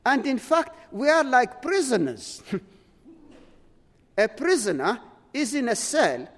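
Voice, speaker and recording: A man's voice: extremely high pitch, sing-song, slow, a bit bright, in a large hall. A man preaching a sermon, earnest, often repeating words and restarting his sentences.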